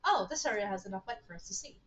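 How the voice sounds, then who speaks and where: A woman's voice: mid-range voice, animated, racing, a bit bright, close to an everyday voice. A woman voicing an awkward, eccentric middle-aged male scientist in a put-on Southern drawl, earnest and rambling. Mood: musing. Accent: American Southern, put on.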